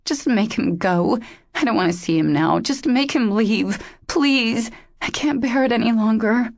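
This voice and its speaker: A woman's voice: lowish voice, measured pace, vocal fry. A woman voicing a grieving, injured young widow who pleads through tears in an audiobook. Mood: tearful pleading. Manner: pleading and tearful. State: crying. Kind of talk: audiobook character voice.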